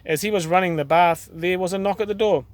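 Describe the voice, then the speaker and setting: New Zealand dad reading a storybook. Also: male voice, high voice, fast talker, no room sound. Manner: gentle, expressive reading with small restarts. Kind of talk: reading a children's picture book aloud.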